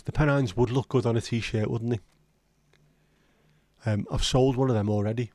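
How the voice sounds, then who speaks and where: Male livestream host, rambling and blunt, mellow low voice, dry close sound. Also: fairly even intonation, normal speed, pauses often, dry recording. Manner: rambling, chatty, blunt with occasional swearing. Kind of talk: casual livestream chat.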